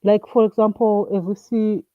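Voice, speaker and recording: Calling in on a tinny phone line, a woman from Africa chats casually at normal speed in a mid-range voice with little pitch movement, and the audio is dry with no room sound. She's hesitant, with lots of fillers and restarts.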